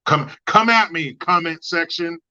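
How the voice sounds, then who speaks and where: A man with a fairly high, bright, forceful voice rants through a livestream. He swears freely, mocks, and drops from loud outbursts to low mutters while reading chat. The sound is a bit dull and lo-fi. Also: a little slow. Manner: profane, mocking, swings between loud outbursts and low mutters. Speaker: livestream host. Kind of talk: ranting commentary, reading chat.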